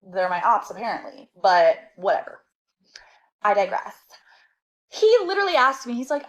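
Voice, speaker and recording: A woman telling a storytime in a casual, animated and sassy way, exasperated and laughing between lines. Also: mid-range voice, normal speed, long pauses, low-quality recording.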